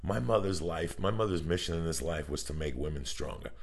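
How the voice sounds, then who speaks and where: A middle-aged man co-hosting a podcast, telling crude comic stories full of profanity and loud laughter. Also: rumbling low, gravelly, husky. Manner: profane, rapid storytelling with loud laughing outbursts. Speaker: podcast co-host.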